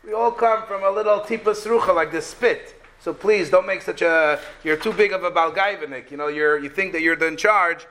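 A man's voice: high voice, normal speed, few pauses, fairly bright tone, pitched below the performer's own voice. A man voicing a wise old rabbi in a told story, explaining patiently and matter-of-factly.

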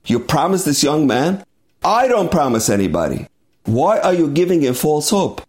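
A man's voice: fairly high pitch, sing-song, a little fast, a little mellow. A man voicing an aged, revered rabbi who rebukes a younger colleague with indignant questions.

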